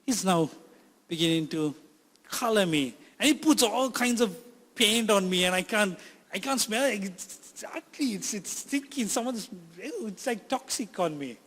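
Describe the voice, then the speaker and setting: A man's voice: high-pitched, fairly bright tone, in a large hall, heavily acted. A man voicing a clay teapot being shaped in a potter's hands, crying out in distress in first person. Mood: dismayed.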